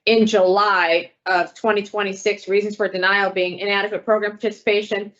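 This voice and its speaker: A woman of middle pitch chairs a parole hearing, talking cases through with colleagues and reading formal motions in a matter-of-fact tone. The recording is dull and lo-fi. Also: little pitch movement, fairly quick, a bit bright. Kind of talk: official hearing deliberation.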